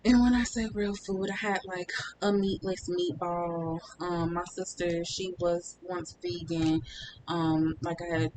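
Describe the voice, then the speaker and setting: A woman vlogger chatting casually to her viewers about her recovery, with lots of um's and y'all's. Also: unhurried. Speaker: vlogger documenting her weight-loss surgery recovery. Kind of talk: casual chat to camera. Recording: steady rumbling background noise.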